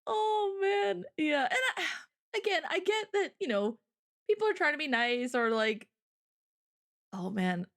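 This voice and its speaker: High, lively young woman telling animated stories. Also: measured pace. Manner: animated storyteller, acts out quotes with big pitch jumps and laughter. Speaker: co-host. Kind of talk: casual chat.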